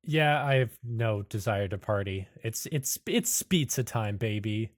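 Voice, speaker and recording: A man playing a tabletop game, joking and excitable. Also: fairly low pitch, a little slow, no echo, clean studio sound.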